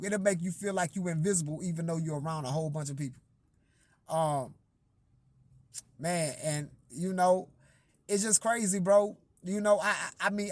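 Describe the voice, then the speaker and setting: A man's voice: sits high, no room sound. A man telling a story in a casual monologue, profane and rambling with lots of fillers and repeated words.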